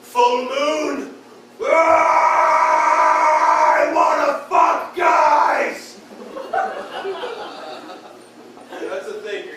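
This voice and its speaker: A man doing a stand-up comedy set of crude one-liners in a beer hall, jabbing at the crowd. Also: sits high. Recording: echoey room from far off, bar noise.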